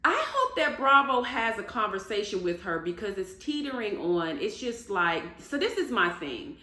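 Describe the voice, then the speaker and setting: A woman giving casual reaction commentary on a reality show, animated and indignant as she rants. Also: medium pitch, moderate pace. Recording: echoey room.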